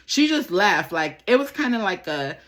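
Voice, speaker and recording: A young adult woman vlogger telling a casual storytime, animated and slangy, rambling with lots of fillers. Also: mid-range voice, normal speed. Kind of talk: casual storytime while getting ready.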